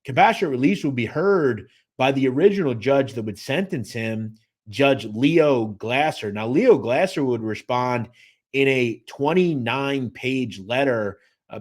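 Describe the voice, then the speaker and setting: A man hosting a true-crime show, narrating in a conversational way with animated emphasis and frequent "uh"s. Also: medium pitch, unhurried. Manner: conversational, lively emphasis with filler "uh"s. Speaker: host.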